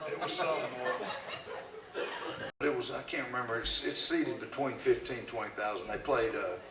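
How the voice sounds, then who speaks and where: A man's voice: medium pitch, normal speed, over a noisy crowd. Older man, folksy storyteller, laughing, echoey distant live recording. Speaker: country singer telling stories on stage. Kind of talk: casual storytelling.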